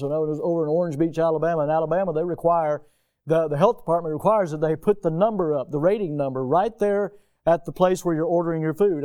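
A middle-aged American man preaching a sermon as pastor, swinging from soft low passages to loud raised emphasis. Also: smooth. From United States.

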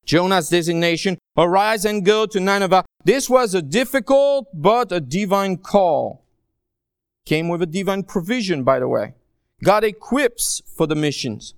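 A man preaching a sermon as a guest preacher, stretching key phrases out slowly and swinging from soft asides to raised, pleading lines. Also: sits high, expressive, clear, resonant tone, dry recording, clean studio sound. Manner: slow, drawn-out emphasis on key phrases.

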